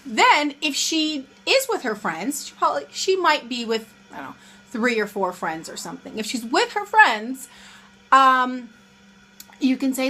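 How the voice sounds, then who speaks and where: Bright, high-voiced young woman giving dating tips. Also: big pitch swings, normal speed, breathy edge. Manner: chatty, acts out both sides of pickup lines. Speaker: dating advice vlogger. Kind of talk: casual advice monologue.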